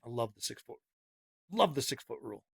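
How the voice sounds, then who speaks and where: A man's voice: mid-range voice, very animated, fairly quick, gravelly, breathy edge, no echo, studio quality. A man hosting a podcast, delivering a heated, sarcastic opinion monologue with punchy repetition. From Massachusetts. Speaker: podcast host.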